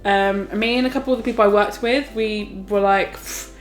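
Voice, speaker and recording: A woman's voice: mid-range voice, a little fast. Brief: young woman, casual vlog storyteller, chatty, echoey room, faint music under. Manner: chatty and animated, full of "like" and "um". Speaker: vlogger.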